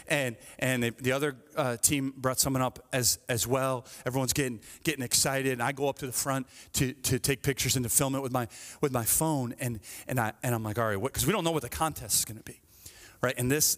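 Preaching in a big-sounding room, a middle-aged pastor with a mid-range voice moves fairly quickly through his stories. His delivery shifts lively between quiet asides and fervent pleas, with repeated phrases and frequent "right?" tags.

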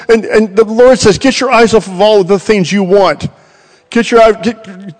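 Man preaching in an echoing hall. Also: extremely high pitch. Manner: animated, storytelling with acted quotes. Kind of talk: sermon. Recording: long hall reverb.

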